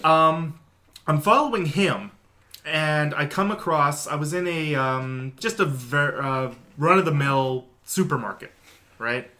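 Bright-voiced man rambling through a story. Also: a little high, a little slow. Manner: rambling, hesitant, self-deprecating. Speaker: podcast co-host. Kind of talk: casual storytelling chat.

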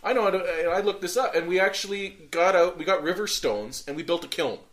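A man with a somewhat high voice tells a story in casual chat. He rambles, restarts often, and fills pauses with "um" and "like". He swears freely. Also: fairly bright tone.

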